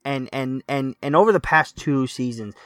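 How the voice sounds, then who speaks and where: A man talks football on a podcast, getting emotional and tripping over his words as he restarts sentences. His voice sits at a middle pitch and the recording sounds close and dry, with no room around it. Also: no room sound. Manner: emotional, halting, many restarts. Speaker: podcast co-host, Napoli fan. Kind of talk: casual football podcast chat.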